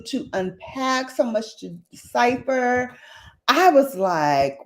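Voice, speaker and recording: Animated, slangy woman host. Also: on the high side, takes it slowly. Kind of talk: casual chat.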